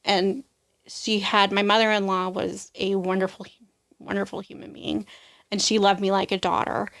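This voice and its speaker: A woman's voice: mid-range voice, level tone, moderate pace, fairly bright tone. Woman, young adult, podcast guest, emotional testimony, acts out voices, says "like" often. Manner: emotional storytelling, acts out quoted voices, frequent "like". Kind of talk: personal testimony in an interview.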